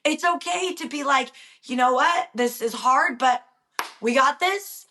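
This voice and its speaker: A young woman guest in a podcast interview, talking openly and emotionally, laughing softly between thoughts. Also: high voice, a little slow, a little hiss or hum.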